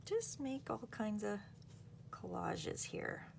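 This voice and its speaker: A woman's voice: medium pitch, sing-song, takes it slowly, creaky, background noise. A woman hosting a craft video, chatting in a rambling way and thinking aloud as she works. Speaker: craft channel host. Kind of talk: casual chat while crafting.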